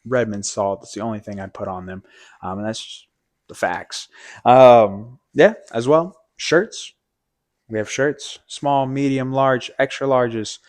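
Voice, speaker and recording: A man's voice: medium pitch, unhurried, darkish tone. A man hosting a podcast, chatting casually with loose swearing and jokes. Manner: laid-back, swears casually, joking. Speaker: podcast host.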